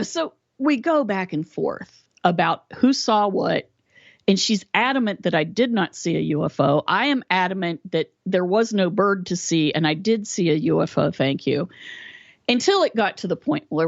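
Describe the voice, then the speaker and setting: Animated woman telling a story. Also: on the low side, moderate pace, vocal fry, no room sound, highs cut off. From West Virginia, US. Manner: animated storyteller who acts out quoted dialogue. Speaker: podcast guest. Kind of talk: storytelling in a casual interview.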